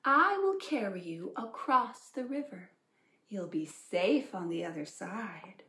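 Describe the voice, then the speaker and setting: A woman voicing a sly, smooth-talking male fox in a coaxing, falsely friendly way for a storybook reading. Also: medium pitch, expressive, slow, pushed and bright. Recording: echoey room.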